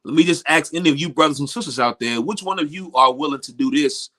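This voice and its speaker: A man co-hosting a talk show, his voice pitched a little high for a man. He speaks emphatically and turns to the listeners as if preaching to them. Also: quick pace, bright, forceful tone. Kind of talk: casual show commentary.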